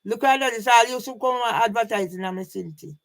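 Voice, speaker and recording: A woman's voice: a little high, fairly quick, creaky. A woman with a Jamaican accent delivering an angry direct-address rant on her vlog, confrontationally calling out one man by name again and again. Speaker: vlogger.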